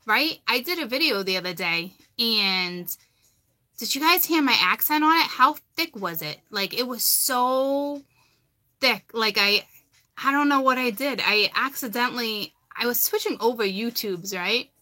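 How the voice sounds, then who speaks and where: A woman's voice: a little high, expressive, measured pace, pushed and bright, dry recording. Chatty woman with a Massachusetts accent. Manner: rambling, chatty, repeats herself. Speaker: tarot card reader on a livestream. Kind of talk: casual live chat.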